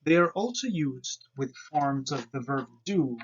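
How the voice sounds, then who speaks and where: A man talks through a grammar presentation at an unhurried pace, spelling out each step with care. His voice sits at an ordinary pitch. The recording sounds muffled and lo-fi. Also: lively intonation, husky. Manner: slow, careful, explanatory. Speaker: student presenter. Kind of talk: explaining grammar over slides. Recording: dull lo-fi recording.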